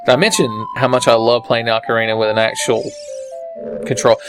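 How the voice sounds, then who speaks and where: A man's voice: mid-range voice, little pitch movement, brisk. A young man giving sarcastic, profane commentary while playing a video game. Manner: sarcastic, swears freely. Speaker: let's play commentator. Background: game music.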